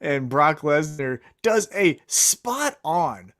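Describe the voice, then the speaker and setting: A man's voice: fairly high pitch, sing-song, slow pace, fairly bright tone. A man co-hosting a casual wrestling podcast, giving laid-back, dry replies. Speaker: co-host.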